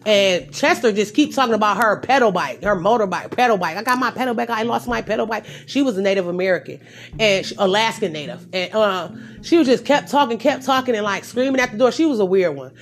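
A young adult woman casually telling a story to her viewers, with lively swings from loud outbursts to low asides. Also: brisk. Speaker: storyteller vlogger.

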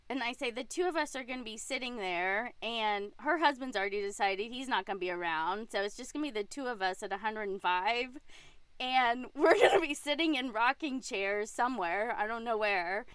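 A woman's voice: on the high side, fairly bright tone, clear, resonant tone, no echo. A woman hosting a podcast in a casual conversation. She is a dental hygienist who talks in a chatty, upbeat way and giggles often.

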